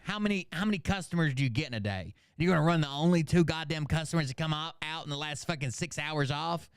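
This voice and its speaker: A man casually recapping a movie in a profane, animated rant, acting out the characters with sudden shouts. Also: fairly high pitch, a little fast, hardly any pauses, clean tone, no room sound, studio quality. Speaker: channel host.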